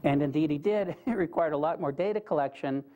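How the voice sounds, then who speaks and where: A man's voice: a little high, brisk, warm tone. Earnest man telling stories to an audience. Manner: earnest, conversational, asks the audience questions. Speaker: guest speaker. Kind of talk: storytelling lecture to an audience. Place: lecture room with a live audience.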